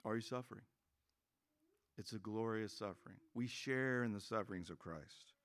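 A man's voice: fairly low pitch, normal speed, a bit bright. A man preaching a sermon as pastor, conversational and joking, acting out quoted voices.

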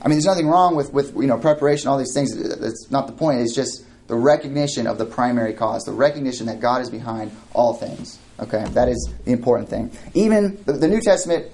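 A man delivering a sermon, talking in a conversational way with many restarts and asides. His voice is of middling pitch for a man. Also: lively intonation, quick pace, hardly any pauses, dark tone. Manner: mock voices for quoted idolaters. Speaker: pastor.

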